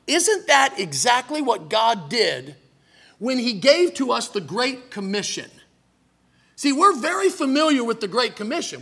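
Preacher guy, real high gravelly voice, bright edge, punches the verses hard. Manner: emphatic, rises on quoted verses; old-fashioned scripture reading. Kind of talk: evening sermon.

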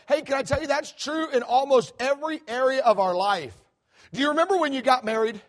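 Guy preaching in church, kinda high voice, animated and stumbly, acts out voices. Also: brisk. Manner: animated, acts out quoted voices, many restarts. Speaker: guest preacher. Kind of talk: sermon. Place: church sanctuary.

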